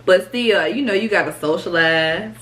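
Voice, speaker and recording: A woman hosting an eating video, chatting casually and warmly about her food while she eats. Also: on the low side, moderate pace, rough recording. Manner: chatty, talks through meals. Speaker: mukbang host.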